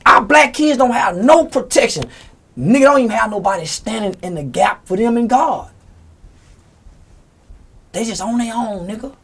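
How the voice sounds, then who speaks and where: A man's voice: very high voice, lively intonation, normal speed, vocal fry, pauses often, a bit bright, breathy edge. A man in an interview pours out an impassioned, profane rant. He preaches as much as he talks, leaning on scripture and slang, with blunt force behind every point. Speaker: interview guest. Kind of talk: heated, unfiltered interview rant.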